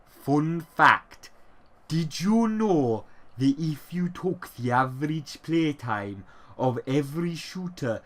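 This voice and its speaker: A man's voice: fairly high pitch, expressive, slow, fairly bright tone. A man reviewing a video game in a sarcastic, exasperated way, with plenty of swearing.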